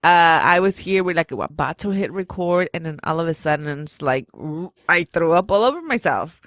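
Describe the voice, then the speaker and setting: A woman's voice: fairly low pitch, expressive, normal speed, fairly bright tone, dry recording. A woman co-hosting a podcast, telling stories in a chatty, casual way with lots of fillers. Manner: chatty storyteller, many fillers like "like". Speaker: podcast co-host. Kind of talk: casual chat.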